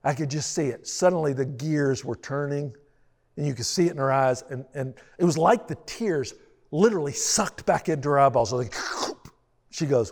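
A man's voice: a little high, normal speed, darkish tone. A man telling a self-deprecating personal story as a pastor, in a storytelling sermon style. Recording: long reverb of a large hall.

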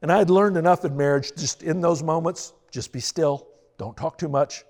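A man's voice: fairly high pitch, moderate pace, darkish tone. A man telling a self-deprecating personal story as a pastor, in a storytelling sermon style. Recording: long reverb of a large hall.

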